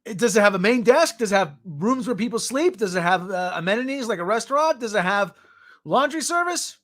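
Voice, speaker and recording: A man's voice: high voice, expressive, brisk, fairly bright tone. A man hosting a podcast, giving sarcastic, ranting news commentary in a mocking tone. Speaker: podcast host.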